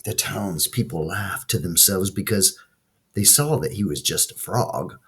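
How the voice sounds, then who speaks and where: A man reading a children's story aloud, gentle and expressive. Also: sits low, measured pace, husky. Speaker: narrator.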